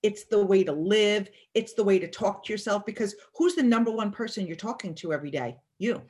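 A woman's voice: mid-range voice, fairly quick, darkish tone. Emphatic woman giving motivational talk. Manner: emphatic, acts out quoted thoughts. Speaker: guest speaker.

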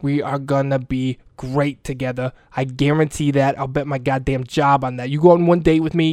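A man's voice: mid-range voice, a little mellow, dry recording, close to an everyday voice. A man playing a crude, lovesick older school janitor who rambles earnestly and swears a lot in a comic monologue. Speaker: comedic character monologue.

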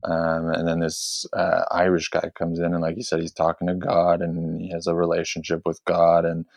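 Deep gravelly man talking film. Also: completely flat delivery, moderate pace, darkish tone, no room sound. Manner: rambling, hesitant, many fillers. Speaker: podcast host. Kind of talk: casual film discussion.

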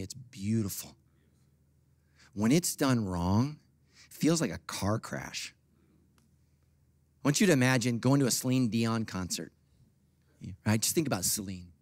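A middle-aged man preaching a sermon as pastor, swinging from quiet, confiding asides to loud, high-pitched bursts. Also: animated, unhurried, long pauses, no echo.

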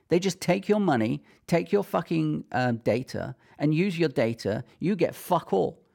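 A man's voice: a little high, gravelly, darkish tone. A man who runs a tech support business, ranting furiously and swearing constantly in a vlog. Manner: furious, heavily profane ranting.

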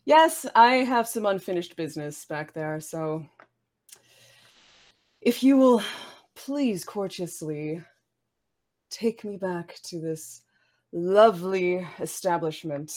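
A woman voicing a polite, reserved changeling who speaks in a courteous, measured, slightly formal way. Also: fairly low pitch, darkish tone. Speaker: player.

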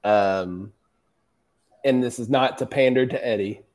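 A man's voice: mid-range voice, measured pace, darkish tone. A man co-hosting a casual sports chat, confident and teasing as he makes his picks. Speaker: podcast co-host.

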